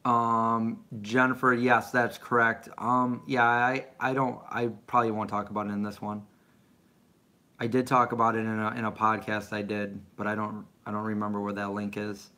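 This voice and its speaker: A man's voice: lowish voice, flat delivery, normal speed, pushed and bright. A middle-aged man rambling casually as he answers viewer questions on a live stream. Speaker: vlogger answering live chat.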